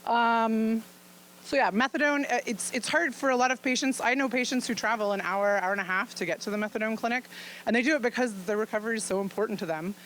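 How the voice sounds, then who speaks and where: A woman's voice: a little high, fast talker, a bit bright, a little hiss or hum, rough recording. A woman physician giving an informal talk to an audience. She speaks frankly and chattily and laughs often as she explains things. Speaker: physician presenting at a luncheon.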